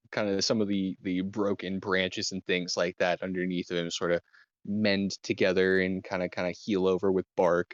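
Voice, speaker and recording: A man narrating as game master, describing scenes with many pauses and restarts. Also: low voice, no echo, dull audio. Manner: halting, many ums and restarts.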